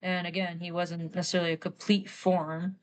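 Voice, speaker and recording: A woman's voice: fairly low pitch, flat delivery, moderate pace, low-quality recording. A young woman artist chatting casually while drawing on stream, rambling through a story with lots of fillers.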